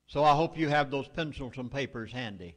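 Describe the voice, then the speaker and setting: A man's voice: medium pitch, brisk, fairly bright tone, in a large hall. A middle-aged man with a Southern US accent gives a public speech at a meeting, delivering urgent, emphatic warnings. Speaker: speaker addressing a meeting.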